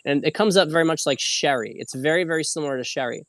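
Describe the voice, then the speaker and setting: A man's voice: fairly high pitch, fast, fairly bright tone, no room sound. A man hosting a casual livestream, rambling loosely with frequent fillers and the odd swear word. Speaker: host.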